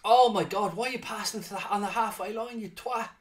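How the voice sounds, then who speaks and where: A man hosting and commentating on his own football video game, excitable and swearing loudly in frustrated outbursts, sounding tired. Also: high voice, a little fast. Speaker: gaming streamer and host. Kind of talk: live gaming commentary.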